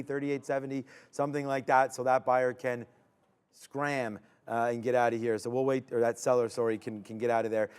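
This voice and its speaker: A man hosting a live stock trading stream, narrating price moves as they happen and urging the price on with bursts of excitement. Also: mid-range voice, smooth. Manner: restless, urging the price on, rising to excited shouts.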